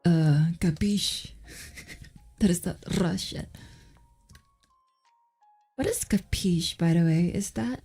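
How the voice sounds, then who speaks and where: Slow, husky woman chatting while drawing. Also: fairly low pitch, mellow, faint music behind. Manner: rambling, muttering asides, answering chat questions. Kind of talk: casual chat while drawing.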